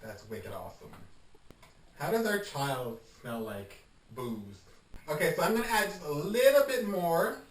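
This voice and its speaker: A man's voice: fairly high pitch, big pitch swings, unhurried. A man hosting a home vlog, demonstrating and explaining in a chatty, coaxing manner and calling viewers darling. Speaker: host demonstrating incense making. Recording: roomy sound, mic at a distance.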